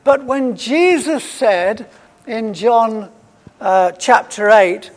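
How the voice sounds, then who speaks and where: A man's voice: sits high, extremely slow. A man preaching a sermon, emphatic and repeating his key phrases for weight. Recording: long hall reverb.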